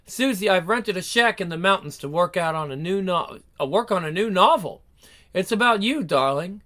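A man's voice: high-pitched, lively intonation, normal speed, pushed and bright. A man voicing an eager young novelist who speaks earnestly and with enthusiasm.

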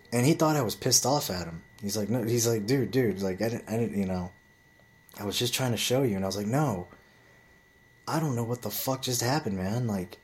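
Casting: deep-voiced man, casual vlogger, swears freely, loose rambling delivery. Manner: rambling storytelling with heavy swearing. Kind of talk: casual monologue to camera.

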